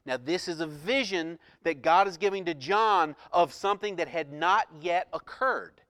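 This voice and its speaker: A high-pitched man preaching from the pulpit, his voice dropping to a hush over scripture and rising to a loud, fervent pitch when the point lands. The recording is dry and close, with no room sound. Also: normal speed, few pauses, no echo. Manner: swings from soft hushed reading to loud impassioned preaching. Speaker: pastor. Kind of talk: sermon.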